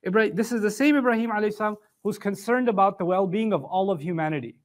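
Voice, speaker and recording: Animated male lecturer, higher voice. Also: quick pace. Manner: animated, explanatory, emphatic. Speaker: Quran lecturer. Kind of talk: religious lecture.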